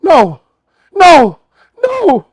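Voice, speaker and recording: A man imitating a panicked young woman who sobs and pleads in a shrill voice. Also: steady tone, moderate pace, dark tone, husky, heavily acted.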